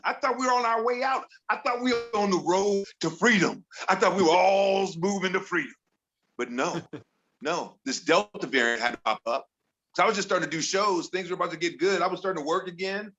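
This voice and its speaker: A middle-aged man from Chicago doing a stand-up set, telling exasperated stories about his home life and mimicking his family in higher voices. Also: pushed and bright, muffled recording. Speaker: stand-up comedian. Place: comedy bar with audience.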